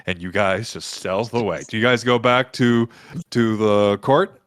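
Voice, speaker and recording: A man running a tabletop game as game master, talking in a casual, relaxed way. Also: on the low side, a little slow. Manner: casual, laid-back.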